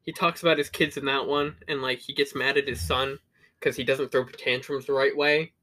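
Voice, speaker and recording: A man's voice: mid-range voice, little pitch movement, moderate pace, sharp tone. A man co-hosting a podcast in casual chat, laid-back and rambling, swearing freely and laughing often. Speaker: podcast co-host.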